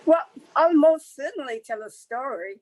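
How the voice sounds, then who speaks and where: A woman from the Caribbean telling a folktale to a live audience, lively and conversational with asides. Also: high voice, normal speed, no room sound, low-quality recording. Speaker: storyteller.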